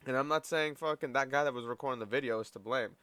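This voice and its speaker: A man's voice: medium pitch, fast talker, fairly bright tone, clean tone, no room sound. A man streaming a reaction video, talking bluntly and swearing a lot, calling people dude and bro. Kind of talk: profane reaction commentary.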